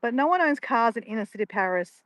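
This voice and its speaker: A woman's voice: fairly high pitch, expressive, fast, a bit bright, no room sound. A woman, chatting casually and playfully with live viewers in a bubbly, laughing way.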